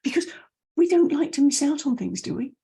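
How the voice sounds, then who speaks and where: A middle-aged woman teaching voice skills, demonstrating each point by swinging between loud and soft, fast and slow. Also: high-pitched, lively intonation, creaky. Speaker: voice and message coach. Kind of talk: online training talk.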